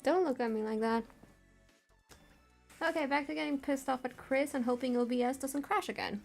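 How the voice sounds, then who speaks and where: Casual woman streamer, chatty, quick asides, light music underneath. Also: high-pitched, gravelly. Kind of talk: casual live-stream chat, reading a visual novel aloud. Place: home bedroom.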